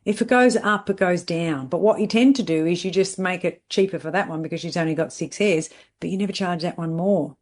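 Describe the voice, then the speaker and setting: A woman's voice: fairly low pitch, fast talker, darkish tone. Blunt, emphatic woman coach. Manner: blunt, emphatic, repeats catchphrases and asks "right?". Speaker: salon business coach. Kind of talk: podcast monologue.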